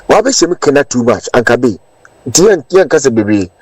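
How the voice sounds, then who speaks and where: A man's voice: mid-range voice, sing-song, a little fast, a little mellow, no room sound, low-quality recording. Emphatic Ghanaian man. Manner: emphatic, repeats words for stress. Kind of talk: political commentary in Twi and English.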